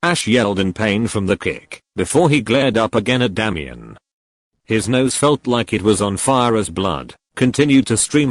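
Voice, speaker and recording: Story narrator, man, low voice, dry close sound. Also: big pitch swings, unhurried, no echo. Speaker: fan-fiction reader. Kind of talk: audiobook-style story narration.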